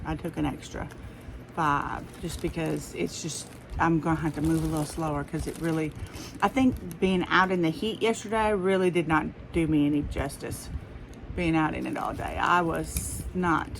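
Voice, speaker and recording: A woman's voice: sits low, steady tone, normal speed, creaky, noisy background. Rambling Southern woman chatting to viewers. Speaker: haul vlogger. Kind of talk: casual chat to viewers.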